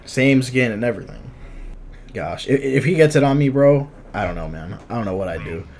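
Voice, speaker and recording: A young man giving live commentary over his fighting-game matches, casual and self-critical, muttering under his breath and then yelling out at big moments. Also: mid-range voice, animated, brisk. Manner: reactive, swings from muttering to sudden shouts. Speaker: gameplay commentator.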